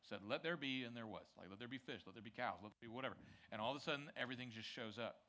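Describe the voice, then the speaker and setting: A man preaching a casual, energetic youth sermon, talking with the students and checking in with them often. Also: mid-range voice, racing. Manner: energetic, conversational, frequent "okay?" check-ins. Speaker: youth pastor. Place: church youth service.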